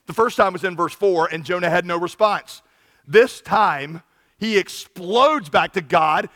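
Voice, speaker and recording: A pastor preaching a sermon in an animated way, acting out quoted lines with big swings in volume. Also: male voice, sits high, measured pace, big-room sound.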